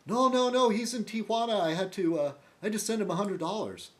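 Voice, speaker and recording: Brief: man doing a teasing male neighbor, playful, higher-pitched. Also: brisk, lightly acted.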